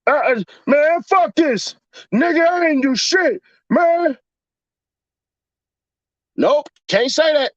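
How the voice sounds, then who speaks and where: A man's voice: very high voice, animated, slow pace, long pauses, no echo, lo-fi sound. A man in a casual, profane commentary rant, mocking his audience with rhetorical questions. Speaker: commentary vlogger.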